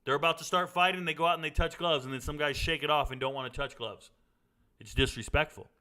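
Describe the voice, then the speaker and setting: A man's voice: a little high, fast, bright, forceful tone. A middle-aged man hosting a casual sports Q&A, blunt and opinionated, wandering into stories. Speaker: sports commentary host answering viewer questions. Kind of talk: casual live Q&A chat.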